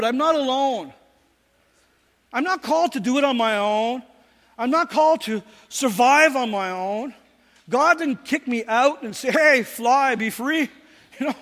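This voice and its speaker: High-voiced preacher in a reverberant hall. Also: male voice, animated, unhurried, fairly bright tone. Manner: emphatic, with repeated rhetorical questions. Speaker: pastor. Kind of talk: sermon.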